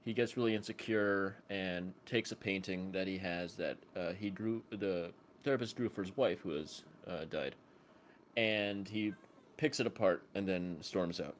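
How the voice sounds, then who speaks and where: A man's voice: sits low, a little slow, a little hiss or hum. A man streamer chatting casually, rambling with lots of fillers. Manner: rambling, filler-heavy, bursts into loud shouts. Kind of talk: casual chat.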